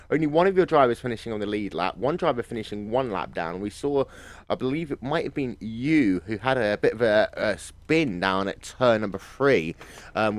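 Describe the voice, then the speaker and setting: A man's voice: mid-range voice, no room sound. A man presenting post-race interviews in a breezy, chatty way. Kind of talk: live sim-racing post-race interviews.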